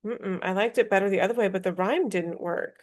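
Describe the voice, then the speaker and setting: A woman thinking aloud as she drafts a poem, muttering and trying lines out loud. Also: medium pitch, brisk. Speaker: writer and illustrator.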